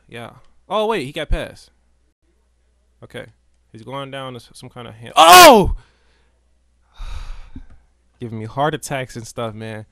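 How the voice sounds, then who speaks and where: With a gravelly mid-range voice and no echo, a male streamer gives laid-back commentary during live gameplay. He chats with his audience and speaks to the game's characters too.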